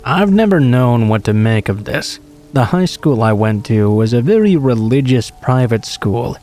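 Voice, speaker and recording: A man calmly reading true horror stories aloud as a narrator, in an even storytelling manner. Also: mid-range voice, unhurried. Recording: rain sounds behind the voice. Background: steady rain.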